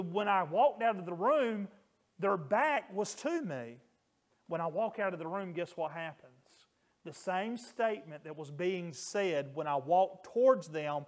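Male pastor, middle-aged, higher voice, earnest sermon storyteller. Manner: earnest, emphatic, raises voice on quoted screams.

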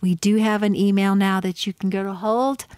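A middle-aged woman hosting a faith-based podcast, giving earnest, conversational advice with reflective pauses. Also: medium pitch, flat delivery, a little mellow, no room sound, clean studio sound. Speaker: podcast host.

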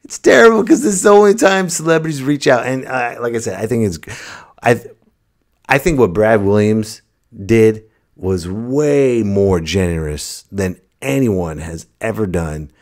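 Comedy podcast host, male, deep voice, rambling monologue with loud bursts and muttered asides. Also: expressive, a little slow. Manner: rambling, self-interrupting, jumps between loud and muttered. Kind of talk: comic monologue.

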